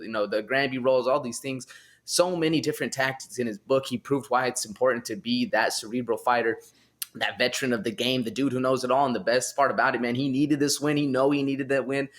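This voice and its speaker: A man's voice: mid-range voice, a bit bright. A man co-hosting a combat sports podcast, talking in an easygoing, enthusiastic way with lots of "man" and "bro". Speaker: podcast co-host. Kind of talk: casual sports podcast chat.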